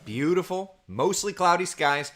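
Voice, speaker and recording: A man with a high-pitched, somewhat bright and expressive voice gives a casual livestream forecast from home, speaking a little slowly. His small children are close by as he chats and rambles through viewer comments, picked up by a computer camera mic.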